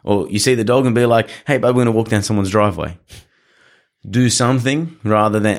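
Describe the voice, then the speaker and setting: A man who trains dogs, talking through his advice in a casual podcast chat, earnest and coaching, now and then acting out quick scenes with owners and dogs. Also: lowish voice. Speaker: dog trainer.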